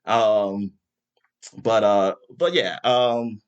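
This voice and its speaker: A man hosting a podcast in casual chat, rambling with lots of fillers and bursting into loud exasperation. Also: on the low side, very slow, clean tone, muffled recording. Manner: rambling, animated, with many fillers. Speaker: podcast host.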